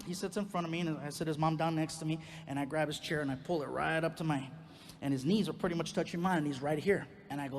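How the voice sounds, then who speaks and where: Brief: a lively male comic telling a family story, high-pitched and expressive. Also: fast talker, in a large hall, a little hiss or hum. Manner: animated, swings into loud outbursts, lots of character voices. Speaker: stand-up comedian. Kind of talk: stand-up storytelling.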